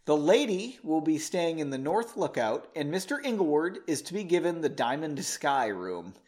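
A man's voice: fairly high pitch, big pitch swings, moderate pace, darkish tone. A man reading as a cold, sneering young nobleman. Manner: haughty, clipped.

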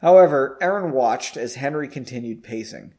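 A man's voice: medium pitch, lively intonation, normal speed, dark tone. A young man reading his own story aloud, breaking off for joking, self-mocking asides. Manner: self-mocking, chatty, laughs at himself.

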